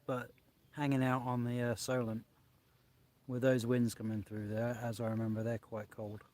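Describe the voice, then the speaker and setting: A man's voice: mid-range voice, flat delivery, normal speed, darkish tone. A man hosting a casual live stream outdoors by a lake, chatting and reading out viewer comments, filmed on a handheld phone. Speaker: vlog host.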